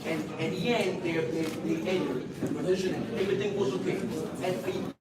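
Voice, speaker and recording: A man's voice: sits high, fairly even intonation. A man at a live event building up long, explanatory questions before putting them to the speaker. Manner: measured, explaining at length before asking. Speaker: audience questioner. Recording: echoey distant room mic with heavy noise.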